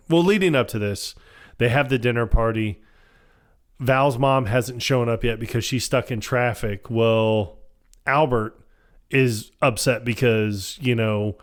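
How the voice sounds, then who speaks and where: A man co-hosting a podcast, retelling movie scenes in casual chat and acting out the characters' lines with bursts of laughter. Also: mid-range voice. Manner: animated retelling, acts out film quotes with laughs. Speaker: podcast co-host. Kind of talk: casual chat recapping a film.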